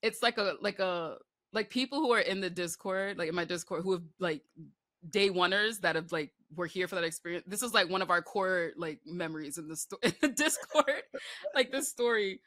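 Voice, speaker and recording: A woman's voice: on the low side, normal speed, no room sound, clean studio sound. An American woman chatting casually as a podcast guest, telling stories with many fillers and bursts of laughter. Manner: animated storytelling, many likes and fillers. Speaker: guest, horror manga artist.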